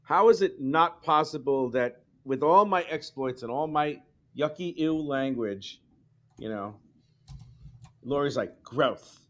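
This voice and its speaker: A man's voice: fairly high pitch, a little slow, fairly bright tone. A man co-hosting a casual online chat show, joking in a crude, goofy way. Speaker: co-host.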